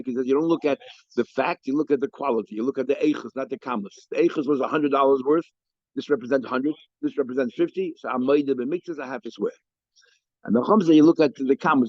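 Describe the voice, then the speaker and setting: A man's voice: medium pitch, no echo, lo-fi sound. A man teaching a Talmud lesson, explaining cases with frequent restarts and Hebrew and Aramaic terms.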